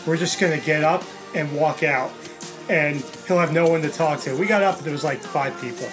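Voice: mid-range voice, a little fast, over music. A co-host in casual chat, recounting the events of a day at length in a conversational way.

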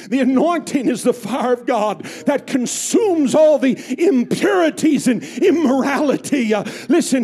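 A male pastor preaching a sermon at a church service, out of breath, shouting at the peaks and dropping to whispers. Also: very high-pitched, husky.

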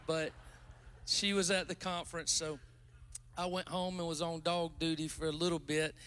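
A male preacher with a high, bright voice, talking to the congregation like a friend over dinner. He jokes at his own expense and then breaks into loud praise. His tone stays forceful and ringing throughout. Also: flat delivery, moderate pace. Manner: chatty, self-mocking, bursts into loud exclamations. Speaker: guest pastor. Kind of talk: casual joking sermon.

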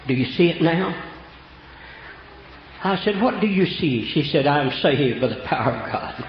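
Folksy old preacher man, lively high voice. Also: unhurried, slight background noise. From Oklahoma. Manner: homespun, rural grammar, animated. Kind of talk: folksy storytelling sermon. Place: church. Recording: echoey church room, dull lo-fi sound.

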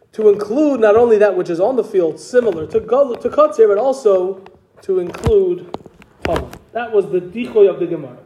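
A man's voice: high-pitched, dark tone. A man teaching a Talmud class, explaining step by step and asking his students questions. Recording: echoey room with noise.

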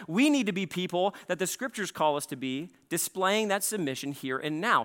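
Male pastor, high bright voice, earnest emphatic sermon delivery, repeats himself for emphasis. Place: church sanctuary.

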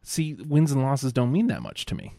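Excitable man talking wrestling. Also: mid-range voice, normal speed, vocal fry, dry recording, clean studio sound. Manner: enthusiastic, acts out quotes in excited bursts. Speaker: podcast co-host. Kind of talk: casual wrestling chat.

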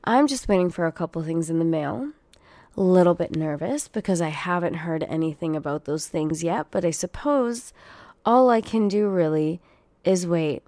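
A woman's voice: on the low side, moderate pace, dark tone, no room sound. A young adult woman hosting her own podcast, chatting casually to listeners and swearing freely as she rants. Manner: profane, ranting, talks straight to listeners. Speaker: podcast host. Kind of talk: casual solo podcast chat.

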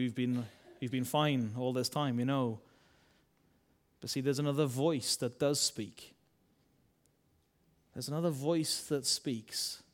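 A man preaching a sermon, asking his congregation rhetorical questions. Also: medium pitch. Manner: conversational, asks rhetorical questions; acts out voices of biblical characters.

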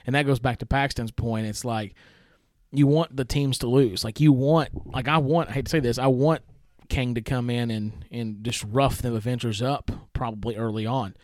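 A man's voice: medium pitch, fairly even intonation, moderate pace, dry recording. Opinionated man, dry close sound. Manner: emphatic, many "like" fillers. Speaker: podcast co-host. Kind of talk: casual opinionated podcast debate.

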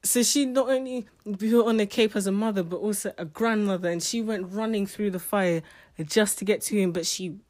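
A woman's voice: mid-range voice, moderate pace, hardly any pauses, a little mellow. A woman giving a casual spoken book review, chatty and emotional, often restarting her sentences.

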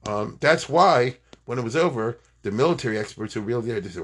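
Brief: older man, husky voice, Torah teacher, animated digressive storyteller. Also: medium pitch, fast talker. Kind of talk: informal Torah class.

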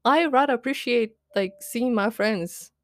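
A woman's voice: on the high side, unhurried, no room sound. A young adult woman hosting a podcast, ranting casually in a diary style, rambling with lots of fillers, laughing often and poking fun at herself. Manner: self-mocking, candid. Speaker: podcast host.

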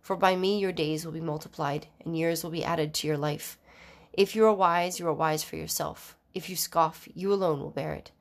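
A woman with a somewhat low voice reads scripture aloud. Her delivery is measured and formal, and she sometimes stumbles and restarts a word. It is an unhurried, plain recitation of scripture. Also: steady tone, creaky. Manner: measured, formal reading with occasional slips and restarts. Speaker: scripture reader. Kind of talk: Bible reading aloud.

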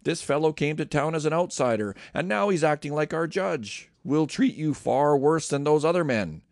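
A man reads a hostile crowd of townsmen, aggressive and demanding. The voice is gravelly and dry. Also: a little high, lively intonation, moderate pace, a little mellow, no echo, pitched above the performer's own voice. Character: hostile shouting mob of townsmen.

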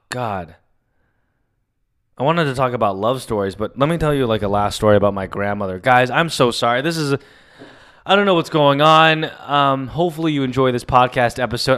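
A man hosting a solo comedy podcast, telling stories in a rambling, profane way with sudden loud bursts. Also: mid-range voice. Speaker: podcast host. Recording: audio-only podcast mic.

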